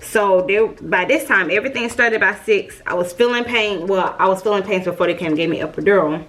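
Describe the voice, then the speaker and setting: A young woman telling a storytime vlog, chatty and lively, calling her viewers y'all. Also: medium pitch, a little fast. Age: young adult. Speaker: vlogger.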